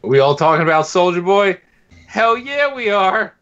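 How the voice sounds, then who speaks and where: A man co-hosting a casual podcast, delivering sarcastic, dry jokes in a bright, sharp voice. His pitch jumps around a lot, and the sound is dull and lo-fi. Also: very animated, moderate pace. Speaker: podcast co-host. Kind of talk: casual chat.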